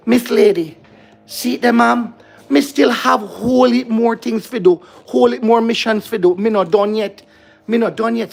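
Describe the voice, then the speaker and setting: Jamaican male vlogger, heated rant to camera, soft music under. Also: high voice. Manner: frustrated, ranting, repetitive. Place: indoor room.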